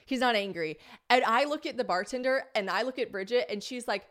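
A woman hosting a podcast, telling stories in a casual, animated and dramatic way. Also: fairly high pitch, fairly quick. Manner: animated, dramatic retelling with quoted voices. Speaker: podcast host.

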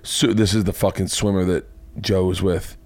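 A man hosting a comedy podcast, telling a story as a loose, swearing monologue whose voice jumps higher when he gets worked up. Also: level tone, moderate pace, a little mellow, no room sound. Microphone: podcast mic.

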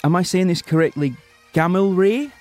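A man's voice: a little high, expressive, moderate pace, a little mellow, husky, soft background music. A man putting on a Scottish accent to play an earnest, polite council man, speaking hesitantly with many fillers. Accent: Scottish put-on. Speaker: radio host doing a prank call.

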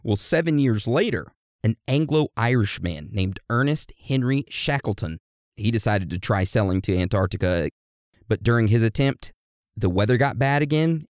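A man's voice: fairly low pitch, expressive, normal speed, no echo, clean studio sound. A man hosting a podcast, telling history in a casual, joking, profane way. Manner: addresses co-host like a teacher. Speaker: podcast host.

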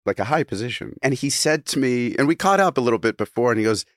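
A man's voice: mid-range voice, expressive, quick pace, no room sound, clean studio sound. A man guest in a casual podcast chat, rambling through stories with restarts and laughing asides.

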